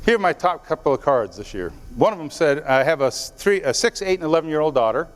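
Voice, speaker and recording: A man's voice: a little high, big pitch swings, fast talker. A man giving an earnest motivational speech to a live audience, telling stories and talking straight to the crowd. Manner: storytelling, earnest, directly addresses the audience. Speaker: motivational speaker. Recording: long hall reverb.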